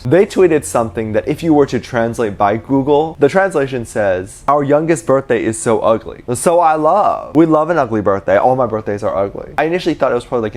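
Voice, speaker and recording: A man speaking casually straight to his camera audience. He gushes with fan enthusiasm as he comments on pop news. His voice sits at an ordinary male pitch. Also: darkish tone. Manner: gushing, enthusiastic fan talk.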